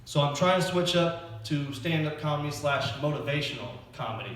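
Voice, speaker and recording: A man's voice: a little high, animated, normal speed, a bit bright. A man doing a rambling, self-deprecating stand-up set at a church open mic night. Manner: nervous, self-deprecating, rambling with fillers and laughs. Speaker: stand-up comedian. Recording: echoey hall recorded from far off.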